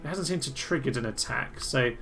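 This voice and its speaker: A man talks through his strategy game in a relaxed, chatty way, tossing in cheery little asides and poking fun at himself. His voice is bright and sharp, with a gravelly edge. Game music plays faintly under him. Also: medium pitch, moderate pace. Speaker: gameplay commentator. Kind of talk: casual let's-play commentary.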